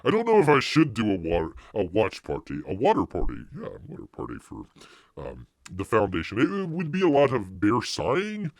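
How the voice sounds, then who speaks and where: A man's voice: mid-range voice, huge pitch swings, fairly quick, dry recording, clean studio sound. A man hosting a live stream, chatting casually in a rambling way, with frequent restarts and laughter. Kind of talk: casual review chat.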